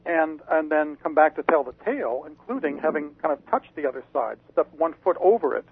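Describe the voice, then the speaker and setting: A man, a parapsychologist guest on a radio interview, explaining slowly with many fillers and restarts over a phone line. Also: a little high, animated, slightly rough. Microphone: phone call-in. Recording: tinny phone line, dry.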